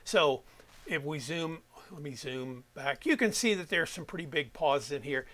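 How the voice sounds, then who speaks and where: Guy teaching audio editing, plain step by step, kinda bright tense voice. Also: a little high, normal speed. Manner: plain step-by-step explaining, self-correcting. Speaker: instructor.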